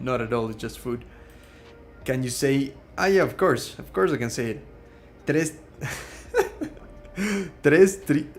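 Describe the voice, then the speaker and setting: Young male streamer, rambling and laughing, faint music underneath. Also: medium pitch. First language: Spanish. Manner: rambling, laughs at his own tongue-twister slips. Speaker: livestream host. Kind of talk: casual live-stream chat.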